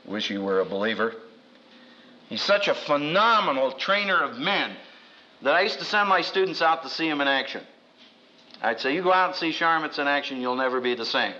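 A man, a seminary professor, teaching from the Bible with wry humor, acting out quotes with big swings in his voice. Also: dull audio. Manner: animated storyteller who acts out quotes with big pitch jumps. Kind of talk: lively Bible teaching to an audience.

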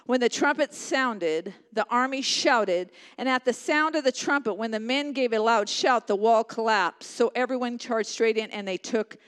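A woman preaching a sermon with passion, swinging from loud emphatic lines to hushed ones and repeating phrases for emphasis. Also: a little high, moderate pace, hardly any pauses, clear, resonant tone.

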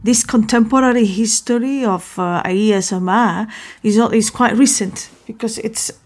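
A woman's voice: fairly high pitch, normal speed, a little mellow. A woman hosting a casual solo talk, rambling and often correcting herself.

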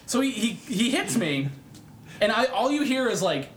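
A young man with a fairly high voice tells a rowdy, profane story on a podcast. He acts out every voice in it. The room is echoey. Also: big pitch swings, moderate pace, background noise. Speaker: podcast co-host. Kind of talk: casual storytelling chat.

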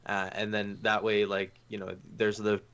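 A man's voice: on the low side, level tone, moderate pace, a bit bright, smooth. A man co-hosting a comedy podcast, chatting casually, rambling with many restarts and frequent laughs. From half Indian, half Italian heritage. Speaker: podcast co-host. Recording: dull lo-fi sound.

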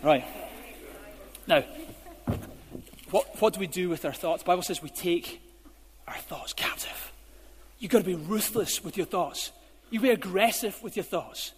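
A man preaching a sermon as a pastor, speaking emphatically and building to forceful urging. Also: high-pitched, moderate pace, pauses often, slightly rough. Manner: emphatic, rising to forceful exhortation. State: out of breath. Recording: hall reverb.

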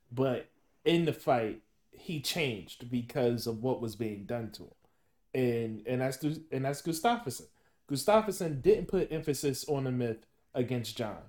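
A man hosting a sports podcast, asking long, halting questions with many restarts in casual chat. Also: mid-range voice, darkish tone. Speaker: podcast host.

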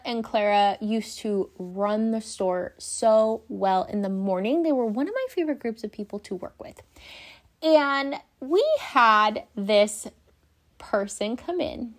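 A young woman, a former shift supervisor, telling work stories in a casual, animated way, swearing freely and acting out the people involved. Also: on the high side. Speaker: vlogger, former coffee shop shift supervisor. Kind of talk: casual storytelling rant.

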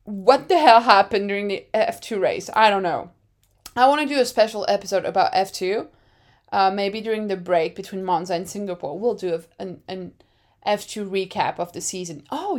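A woman's voice: mid-range voice, expressive, normal speed. A woman hosting a podcast with casual, dramatic chat. She often laughs at her own jokes. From France. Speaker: podcast host.

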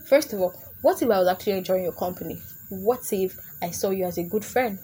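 A woman's voice: medium pitch, fairly quick, mellow, a little hiss or hum. Chatty young woman podcast host. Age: young adult. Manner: chatty, laughing, slipping into put-on voices. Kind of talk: casual comedic monologue.

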